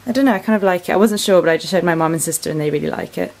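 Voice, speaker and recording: A woman in her twenties from England, with an English accent and a lowish voice, talks rapid-fire in a casual vlog from her bedroom at home. She rambles with lots of ums and likes while showing off her clothes, on a low-quality recording.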